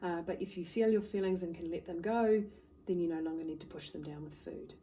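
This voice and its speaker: A woman hypnotherapist, calmly telling a client's story to the camera. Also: lowish voice, brisk, poor audio. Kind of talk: talking to camera, case story.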